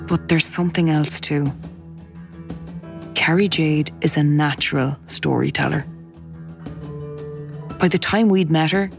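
Female documentary narrator, deliberate scripted read, gravelly texture, faint music bed. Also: low voice.

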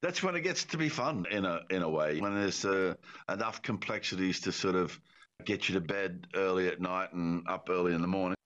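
A man's voice: sits low, fairly quick, a bit bright, dull audio. A man being interviewed on radio as an actor guest, easygoing and jokey with frequent chuckles.

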